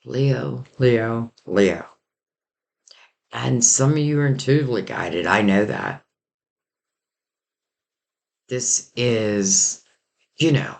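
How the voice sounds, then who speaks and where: A man's voice: mid-range voice, vocal fry. A man giving a casual tarot reading in a rambling, reflective way, full of fillers, while his voice is going. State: losing his voice. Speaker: tarot reader.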